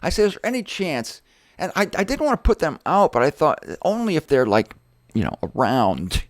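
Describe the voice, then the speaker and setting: A middle-aged man hosting his show tells a personal story casually and with animation, acting out the voices of the people he quotes. His voice is fairly high and brisk, in a dry recording with clean studio sound.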